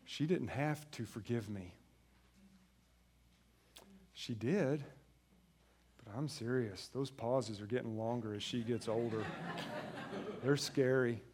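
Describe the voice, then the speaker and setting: A man in his thirties preaching a sermon, moving from quiet, low passages to loud, emphatic ones and acting out family dialogue. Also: slow, long pauses, breathy edge. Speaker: pastor.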